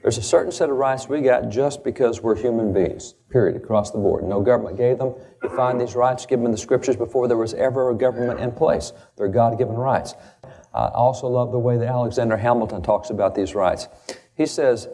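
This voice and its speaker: Emphatic male lecturer, warm tone, mid pitch. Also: brisk, creaky. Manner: emphatic, reads quotations aloud with stress. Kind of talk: historical lecture.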